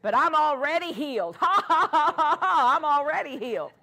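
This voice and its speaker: A woman pastor playing an older male preacher who laughs off fear with a hearty booming laugh. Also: big pitch swings, brisk, vocal fry, bright, forceful tone, exaggerated voice. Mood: defiant laughing.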